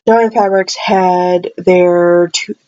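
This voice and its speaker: A woman's voice: fairly low pitch, fairly even intonation, very slow, mellow, highs cut off. A woman rambling casually through a haul video at home, chatty and full of asides and restarts, maybe fighting a cold. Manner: playful voices when quoting herself. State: possible cold. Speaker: vlogger.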